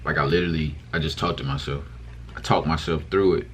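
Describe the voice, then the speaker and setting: A man's voice: very deep voice, steady tone, fast talker, a bit bright, a little hiss or hum. A young man chatting casually to his viewers in a vlog, rambling loosely with lots of fillers and restarts. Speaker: vlogger. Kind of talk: casual mukbang chat to camera.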